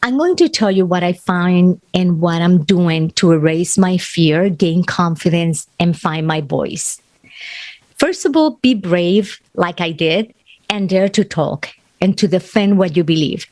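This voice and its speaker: A woman's voice: fairly low pitch, lively intonation, a little slow, darkish tone, no echo. Spanish-accented woman hosting a motivational podcast. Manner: earnest, encouraging, non-native grammar. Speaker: podcast host.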